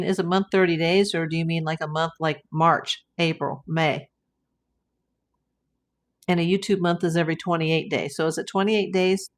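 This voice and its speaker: A woman hosting a casual livestream, chatting with viewers, reading their comments aloud and greeting them by name. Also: lowish voice. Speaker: livestream host.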